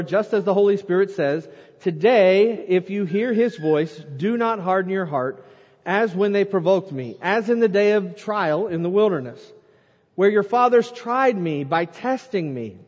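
A man preaching a sermon, reading scripture aloud and swinging between loud emphasis and quiet, slow lines. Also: high-pitched. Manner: reads scripture aloud, dramatic swings in loudness and pace. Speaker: pastor. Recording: muffled sound with long hall reverb.

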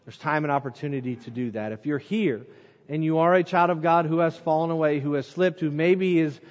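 A man preaching an evening sermon, emphatic, repeating words for stress and dropping to a low hush at the ends of phrases. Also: a little fast. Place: church sanctuary during an evening service. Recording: muffled recording with long hall reverb.

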